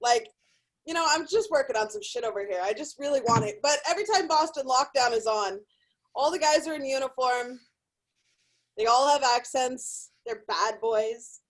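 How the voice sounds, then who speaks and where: Brief: young female comic, high pitch, brash and profane, self-deprecating. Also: moderate pace, poor audio. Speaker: stand-up comedian. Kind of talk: stand-up comedy set.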